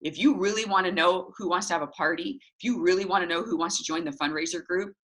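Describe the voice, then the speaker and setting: A middle-aged woman coaching her sales team, animated, acting out little dialogues in different voices. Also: quick pace. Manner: animated, acts out little dialogues with jumps in pitch.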